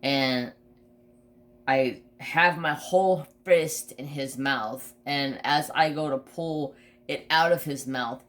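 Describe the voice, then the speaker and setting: A man's voice: mid-range voice, slow, fairly bright tone. A man hosting a crafting channel, telling a long personal story in casual chat, swearing freely and restarting his sentences.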